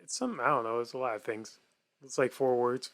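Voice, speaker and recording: A man's voice: medium pitch, brisk, a bit bright. A man co-hosting a podcast, joking playfully in casual chat. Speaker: podcast co-host.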